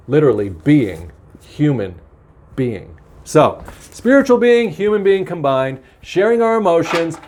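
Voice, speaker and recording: A man giving a spiritual card reading to his viewers, earnest, gentle and encouraging, slowing down to stress key words. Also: a little high. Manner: acts out angry outbursts with a laugh. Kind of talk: solo tarot-style card reading.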